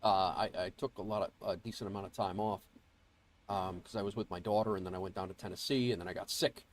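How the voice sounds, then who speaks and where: A congested man hosts a flight sim livestream, his voice a little low and stuffy from a cold. He rambles along in casual chat, full of fillers and false starts, calling out viewers by name. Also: fairly even intonation, quick pace, slight background noise. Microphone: earbuds mic.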